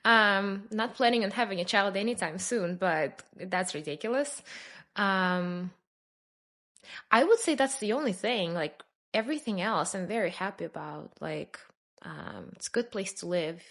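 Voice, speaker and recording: A woman's voice: medium pitch, a little slow, fairly bright tone. A young woman from Russia, a native Russian speaker, answering interview questions in a casual, chatty way with plenty of fillers. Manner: chatty, many fillers, laughs between answers. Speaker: podcast guest.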